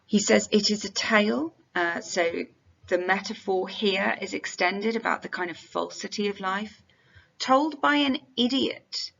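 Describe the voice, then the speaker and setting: A woman's voice: medium pitch, measured pace, creaky, fairly bright tone. A young adult woman explaining a play for exam revision as a teacher, often reading quotations aloud. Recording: dull lo-fi sound.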